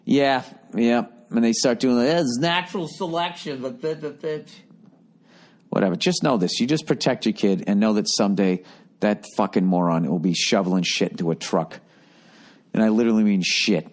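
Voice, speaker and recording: A man's voice: on the low side, a little fast. A middle-aged man hosting a podcast, giving advice in a profane, sarcastic, rambling monologue. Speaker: podcast host.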